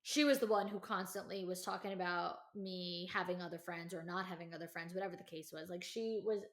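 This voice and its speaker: A woman hosting a podcast, telling a personal story in casual chat, full of "like" and "you know", and acting out quotes with lively energy. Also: a little fast. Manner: chatty, heavy use of "like" and "you know"; animated, acts out quotes in a higher voice. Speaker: podcast host.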